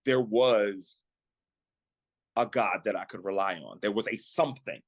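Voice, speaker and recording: A man on a podcast, earnestly telling a personal story of faith in a reflective way, slowing down at the emotional moments. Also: on the low side, dry recording. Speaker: guest, actor and singer.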